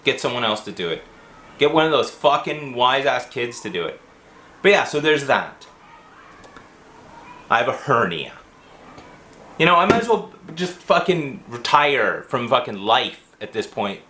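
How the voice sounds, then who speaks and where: A man's voice: medium pitch, big pitch swings, measured pace, pauses often, bright, forceful tone. Swearing, ranting man in an echoey room. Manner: swears constantly, rants angrily. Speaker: vlogger. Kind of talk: profane ranting monologue.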